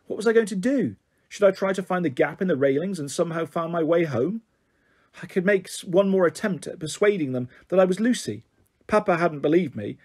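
A man reads a children's novel aloud, expressive and steady. His voice is notably high for a man and husky in grain. It carries the tone of a bedtime story reading. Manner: expressive read-aloud narration.

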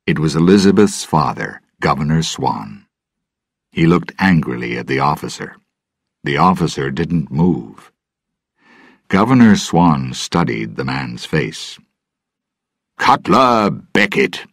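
A man narrating a story slowly and deliberately for English learners. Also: rumbling low, lively intonation, vocal fry, breathy edge, no room sound, studio quality.

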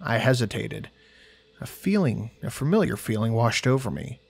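A man's voice: mid-range voice, brisk, gravelly, breathy edge. A man narrating a horror story in the first person, with a wry storytelling manner. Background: faint music.

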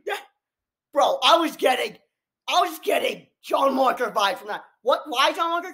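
Talking straight into his webcam at home, a young man hosts an excited reaction video. His high voice shows he's overwhelmed as he yells and repeats the same exclamations.

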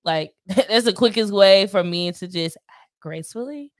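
A woman in her late twenties in casual podcast chat, animated and talkative, often asking "you know what I mean.". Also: mid-range voice, a little slow, no room sound, studio quality. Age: 20s. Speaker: podcast guest.

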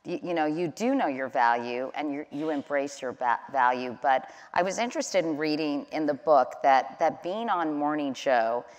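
A middle-aged woman with a low-pitched voice, leading an onstage interview in an easy conversational way. A long hall reverb trails after her words. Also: lively intonation. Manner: conversational, warm-humored, quick to laugh. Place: large auditorium stage.

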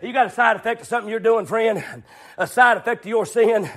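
Middle-aged man, very high voice, fiery shouting preacher with repeated folksy refrains. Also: quick pace. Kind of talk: fiery sermon.

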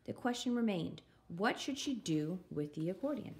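A woman narrating a children's chapter book at a calm, measured pace, her voice sitting right in the middle of the usual range. She tells the story plainly and evenly. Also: medium pitch. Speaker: story reader. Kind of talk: reading a children's book aloud.

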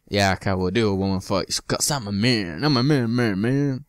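A man's voice: on the low side, normal speed, few pauses, dry recording, studio quality. A man giving loose, joking commentary over his own gameplay, swearing now and then and slipping into silly bits. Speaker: gaming channel host.

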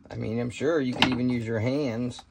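A man's voice: medium pitch, steady tone, fairly quick, gravelly, background noise. Folksy rambling man vlogging outdoors. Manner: rambling, folksy, thinks out loud with many fillers. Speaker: homesteading vlogger. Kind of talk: casual outdoor how-to vlog. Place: outdoors by trees, then a kitchen.

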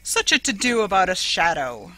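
A woman's voice: lowish voice, very animated, moderate pace, sharp tone. A woman voicing a man who covers his fear with forced, easy-going talk. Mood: forced ease. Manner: forced breeziness. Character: blustering man, brother-in-law with forced easy laugh.

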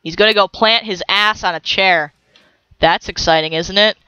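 A young woman giving casual, excitable let's-play commentary, swearing at the game and laughing often. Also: medium pitch, normal speed, clear, resonant tone, no echo, muffled recording.

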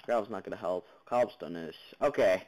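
A young gaming channel host narrates a Minecraft let's play in a low, darkish voice at a fairly quick clip. He's jumpy, chattering at monsters and viewers and letting out sudden yelps. The audio is poor, picked up by a basic computer mic with no headphones.

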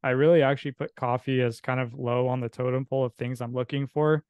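A man's voice: medium pitch, fairly even intonation, fast, clear, resonant tone, no room sound, muffled recording. A man from California, a coffee business owner, talking casually as a podcast guest, rambling with fillers and restarts.

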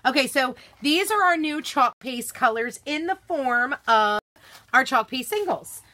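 A woman's voice: high voice, animated, unhurried, pushed and bright. A woman hosting a live craft unboxing stream, bubbly and gushing, greeting viewers by name in casual chat from her desk at home.

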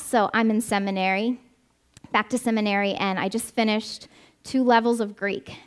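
A woman giving a conversational sermon, stressing points through repetition and often checking in with "right?", then leading a prayer. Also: fairly high pitch. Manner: emphatic repetition; leads a closing prayer. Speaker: preacher. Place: church service.

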